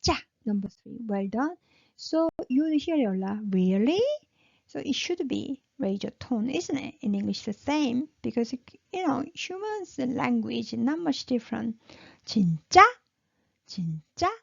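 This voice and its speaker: A woman's voice: fairly high pitch, lively intonation, unhurried, creaky, mellow. A woman with a Korean accent teaching Korean pronunciation, modelling syllables and praising the learner. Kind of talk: pronunciation lesson. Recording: dull lo-fi sound.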